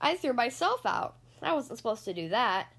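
A woman voicing an eager, excitable young boy frog in a children's storybook reading, with loud, bouncy shouts. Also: fairly high pitch, moderate pace, slightly rough, heavily acted. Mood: sheepish.

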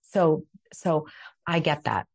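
A woman's voice: sits low, animated, slow, creaky, darkish tone, no room sound. A middle-aged woman speaking passionately as a guest on a faith interview, acting out her own prayers and quotes. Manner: impassioned, dramatic acted-out quotes.

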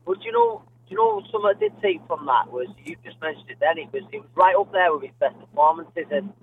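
A man's voice: on the high side, big pitch swings, fast, slight background noise. Man, phone-in guest, friendly and hesitant, tinny line. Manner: friendly, hesitant with many fillers. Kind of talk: interview over the phone.

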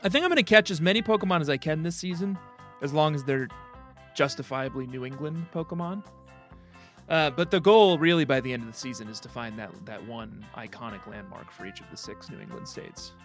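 A man's voice: on the high side, fairly quick, a bit bright, faint music behind. A man co-hosting a podcast in casual chat, joking and rambling with plenty of ums and likes. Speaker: podcast co-host. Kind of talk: casual chat about a video game.

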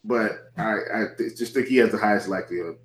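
A man's voice: on the low side, fast talker. A man co-hosting a casual sports podcast, laid-back, with hesitant restarts. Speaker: podcast co-host. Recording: echoey room.

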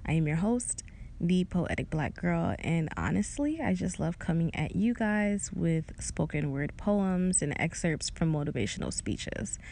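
A woman's voice: fairly low pitch, lively intonation, measured pace, vocal fry, dark tone, a little hiss or hum. A woman from the United States hosting a podcast, chatty and upbeat as she speaks to listeners. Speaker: podcast host. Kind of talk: casual podcast introduction.

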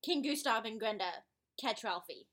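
High-voiced teasing woman podcaster. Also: expressive, moderate pace, a bit bright. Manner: teasing, corrects her co-host. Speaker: podcast co-host. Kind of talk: casual podcast chat.

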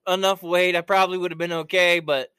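A man hosting a loose, casual chat who tells long, rambling stories peppered with swearing. His voice is bright, crisp and clean, set a little high for a man. The sound is dry and close. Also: little pitch movement, fast talker, no room sound. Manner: profane, rambling storyteller.

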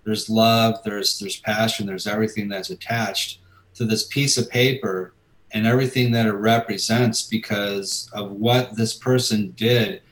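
A middle-aged man, a comic book artist, telling anecdotes in casual chat and lively acting out the voices in them. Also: lowish voice, a little slow. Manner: animated storyteller, acting out voices.

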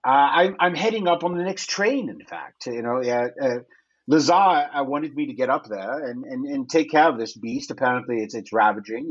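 A man doing a gentlemanly big-game hunter in a tabletop game, courteous and rambling, tripping over his words. The voice is husky and the recording is dull and lo-fi. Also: mid-range voice. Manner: courteous, rambling, hesitant with repeats. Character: genteel older male big-game hunter. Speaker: player. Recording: dull lo-fi mic.

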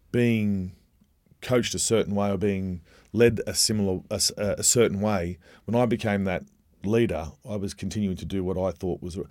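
A middle-aged Australian man talks candidly, his low voice stopping and restarting mid-thought. The sound is dry and close, with no room around it. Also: darkish tone, no room sound. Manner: halting, many restarts, candid. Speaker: guest, former rugby league captain. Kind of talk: casual chat.

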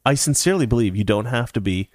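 Male commentator, sarcastic and animated, a dry close sound, lively up-and-down pitch. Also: quick pace, dry recording. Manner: sarcastic, animated, reads quotes aloud. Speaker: commentary host. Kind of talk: casual opinion commentary.

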